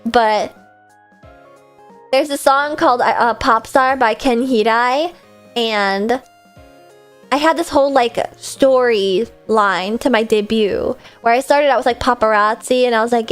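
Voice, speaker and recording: A woman with a slightly high voice talks casually through a live-stream Q&A. She rambles from thought to thought, poking fun at herself, while soft music plays quietly underneath. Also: a little slow. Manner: chatty, rambling, self-deprecating. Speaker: streamer hosting a viewer Q&A.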